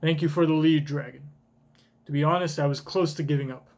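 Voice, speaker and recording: A man voicing a gentle, kind giant of a man in a soft, earnest tone while reading a comic aloud. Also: a little high, fairly even intonation, fairly quick, close to an everyday voice.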